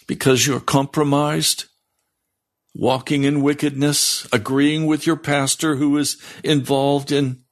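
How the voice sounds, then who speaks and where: A male pastor preaching a broadcast sermon, fiery and reading scripture aloud, rising in pitch on pointed questions. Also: level tone, takes it slowly. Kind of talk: radio sermon.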